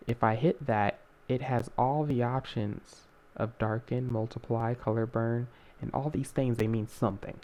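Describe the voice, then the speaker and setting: A man's voice: mid-range voice, steady tone, normal speed, hardly any pauses, a little mellow. A young man hosting a casual screen-recorded art tutorial, talking in a rambling way with many fillers and self-corrections.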